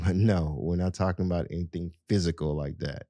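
A man's voice: low-pitched, fairly even intonation, a little fast, mellow, no room sound, clean studio sound. A man hosting a podcast, talking casually and earnestly to his listeners with lots of "you know". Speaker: podcast host. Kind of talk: casual advice talk to listeners.

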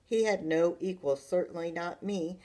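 A woman's voice: lowish voice, fairly even intonation, normal speed, warm tone, close to an everyday voice. A woman voicing a smug, teasing older brother who sneers and jeers. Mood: sneering. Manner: sneering, jeering. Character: boastful redheaded older brother, young boy, smug and teasing.

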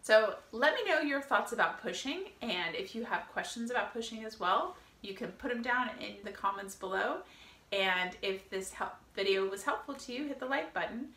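Woman, birth educator, friendly lively lesson, crisp bright voice, roomy echo. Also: fairly high pitch, normal speed. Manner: friendly, lively, with fillers and laughs. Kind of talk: educational video talk.

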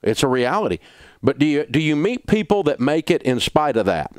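A Southern-accented radio host ranting with blunt, preachy conviction. His pitch jumps around a lot, and his voice sits dry and close to the studio mic. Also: sing-song, fairly quick, clear, resonant tone, no echo. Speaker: radio talk show host. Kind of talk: passionate on-air advice rant.

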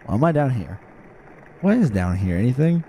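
A man's voice: mid-range voice, very animated, brisk, mellow, a little hiss or hum, low-quality recording. A young man joking around while commenting on a video game with a friend. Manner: playful, jokey, laughs often. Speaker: let's play host. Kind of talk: casual gaming commentary. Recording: game music behind.

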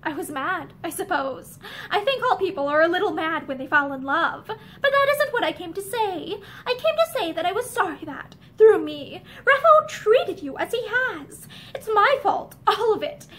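A woman's voice: very high voice, very animated, moderate pace, a bit bright, heavily acted. A woman reading aloud voices a distraught young woman full of remorse, pleading and close to sobbing. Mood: remorseful. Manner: emotional, pleading, breaking into sobs.

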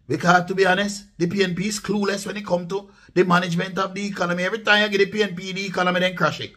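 A man's voice: high voice, level tone, very fast, bright, forceful tone. A man with a Jamaican accent giving emphatic political commentary in a casual vlog, dropping into patois and repeating points for stress. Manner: emphatic, repetitive, mixes patois into speech.

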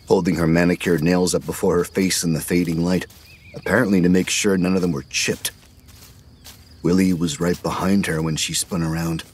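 A man narrating a horror audio drama in a measured, grave manner. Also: low voice, slight background noise.

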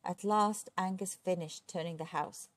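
A woman reading a children's storybook aloud, expressive and steady. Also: lowish voice, moderate pace, dry recording. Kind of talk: children's book read aloud.

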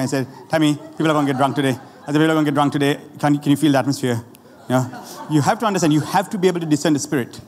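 A man preaching a lively, conversational sermon, laughing often and talking straight to the congregation, with a Sri Lankan accent. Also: fairly high pitch. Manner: animated, laughing often, asides to the audience. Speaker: pastor. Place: church hall. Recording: roomy church hall with faint ambience.

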